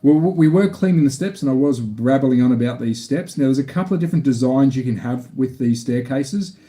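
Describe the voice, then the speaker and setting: A man's voice: mid-range voice, fairly quick, warm tone. A man from Australia with an Australian accent, chatting casually on a live stream while building a model kit, rambling and restarting often.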